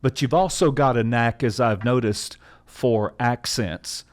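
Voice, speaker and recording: Male host, measured interview questions, steering the talk. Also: mid-range voice. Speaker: podcast host. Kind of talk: interviewing a guest.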